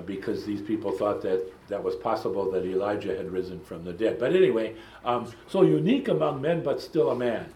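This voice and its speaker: A man's voice: low-pitched, mellow, echoey room, a little hiss or hum, low-quality recording. A man teaching a lecture-style Bible study. He talks in a thoughtful, digressive way, with frequent ums and side remarks.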